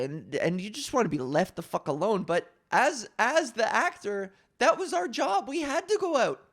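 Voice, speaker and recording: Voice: medium pitch, big pitch swings. Young comedian host rambling thru a story, swears a lot, slips into silly voices, casual podcast chat. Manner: profane, rambling, drops into quick put-on voices.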